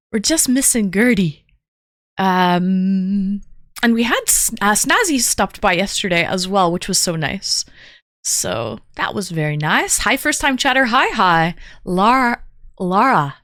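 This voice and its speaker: A woman's voice: mid-range voice, fairly bright tone, dry recording, clean studio sound. A woman livestreaming, greeting her chat viewers one by one in a playful, casual way.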